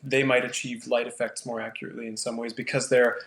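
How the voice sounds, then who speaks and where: A man from Canada explains his painting in a relaxed interview, wandering through his thoughts with plenty of fillers. His voice stays even and steady in pitch, and the room around him echoes noticeably. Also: fast. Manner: thoughtful, rambling with many fillers. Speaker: painter, guest. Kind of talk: casual interview conversation.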